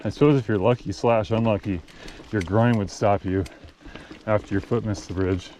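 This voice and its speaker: A man's voice: lowish voice, steady tone, moderate pace, noisy background. A man chatting casually and a bit profanely while mountain biking on a forest trail, his mic on a helmet or action camera. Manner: rambling, profane, offhand. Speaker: mountain biker. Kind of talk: casual chat while riding.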